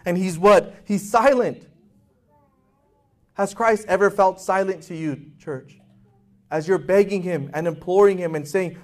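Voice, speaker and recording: A man's voice: high voice, measured pace. A male pastor preaching a sermon with passion, acting out voices in quotes and asking his congregation questions.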